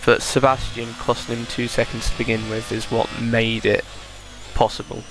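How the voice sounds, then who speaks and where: Gravelly guy commenting on a race replay. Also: mid-range voice, little pitch movement, background noise. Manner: chatty, thinking aloud, quick self-corrections. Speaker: gaming video creator. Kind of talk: casual game replay commentary.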